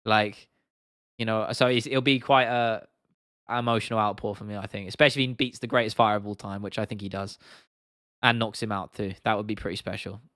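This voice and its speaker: A man's voice: fairly low pitch, fairly even intonation, a little fast, fairly bright tone, dry recording, studio quality. A young man from England hosting a casual livestream, talking bluntly and swearing freely while reacting to viewer comments. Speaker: livestream host.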